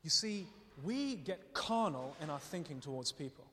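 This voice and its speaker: A man's voice: a little high, sing-song, moderate pace, pushed and bright, a little hiss or hum. A man preaching a sermon, telling stories in a conversational but impassioned way. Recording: long hall reverb.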